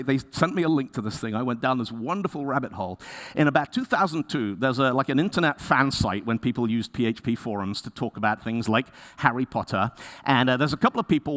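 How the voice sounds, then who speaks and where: A man giving a conference talk, telling stories in a lively way and acting out the people he quotes. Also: medium pitch. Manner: lively storyteller, acts out quoted voices. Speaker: conference speaker. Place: conference stage.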